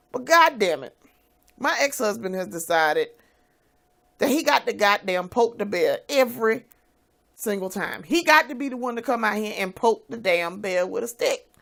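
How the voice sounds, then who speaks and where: A woman speaking straight to her viewers in a venting vlog, her voice sitting a touch high. She is blunt and foul-mouthed, and she drifts between hushed, hesitant musing and loud, fiery outbursts. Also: creaky. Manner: fiery, profane, blunt ranting. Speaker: vlogger.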